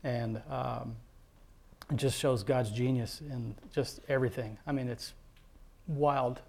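A man's voice: mid-range voice, steady tone, creaky, a little mellow. Earnest man sharing a faith testimony. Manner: earnest, halting, with many fillers and restarts; heartfelt, devout storytelling. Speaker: father telling his testimony.

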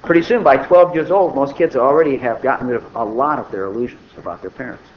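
A man's voice: mid-range voice, fast. An older man giving an informal, conversational sermon, acting out little dialogues as he goes. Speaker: preacher. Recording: dull lo-fi recording with faint noise.

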